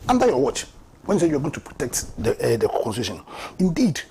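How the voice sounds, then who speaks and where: A man's voice: medium pitch, very animated, fast, a little mellow, a little hiss or hum. A man with a Ghanaian accent giving impassioned, mocking political commentary on a talk show, often repeating words for emphasis. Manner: impassioned, mocking, repeats words and laughs at his own jabs.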